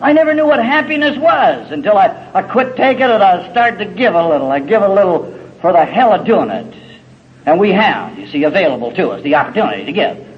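A man's voice: sits high, very animated, brisk. A middle-aged man speaking at a recovery meeting, telling his story in a folksy, salty way with wry humor. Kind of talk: personal testimony talk. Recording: dull lo-fi recording with faint hiss.

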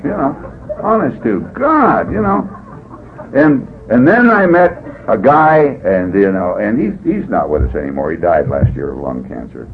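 An older man telling his story at a meeting, folksy and jokey, his pitch swooping up and down as he acts out the scenes. The sound is dull and lo-fi, with a faint hiss under it. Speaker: recovery meeting speaker.

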